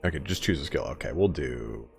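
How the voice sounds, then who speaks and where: A man's voice: a bass voice, animated, a little fast, creaky. A young man chatting casually on a game stream, rambling and swearing freely, with lots of filler words. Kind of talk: casual live-stream chat.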